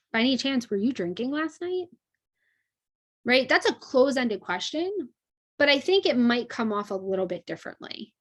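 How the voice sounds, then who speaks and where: A young adult woman teaching a class in a conversational way, with many fillers and frequent checks like "right?". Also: on the high side. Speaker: instructor.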